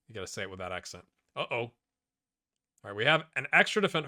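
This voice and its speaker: A man's voice: medium pitch, fast, pauses often, dry recording, clean studio sound. A man giving let's-play commentary on a football management game, talking straight to the players on screen and getting worked up. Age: middle-aged. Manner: excitable, talks to players on screen. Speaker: gaming YouTuber.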